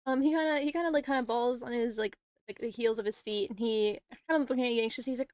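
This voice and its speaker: A woman's voice: on the high side, fast talker, hardly any pauses, darkish tone, dry recording, clean studio sound. Giggly woman game master. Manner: casual, giggly, rambling narration. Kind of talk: narrating a tabletop game.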